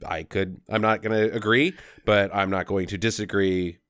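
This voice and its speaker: A man's voice: on the low side, steady tone, moderate pace, fairly bright tone. A man co-hosting a movie review podcast, chatting casually and rambling with fillers as he recaps the story. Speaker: podcast co-host.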